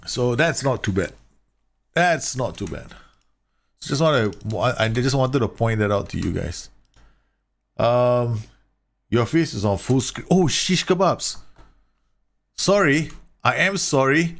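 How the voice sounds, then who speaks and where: A man giving casual, chatty commentary on football management game tactics, talking straight to his viewers and laughing at his own slips. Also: mid-range voice. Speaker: gaming YouTuber reviewing tactics.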